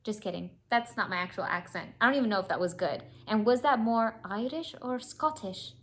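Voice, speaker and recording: A woman's voice: medium pitch, fairly quick. Gushing, chatty woman vlogger. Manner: effusive, gushing thanks; chatty and playful, rambling asides. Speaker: music reaction vlogger. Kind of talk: casual chat to camera.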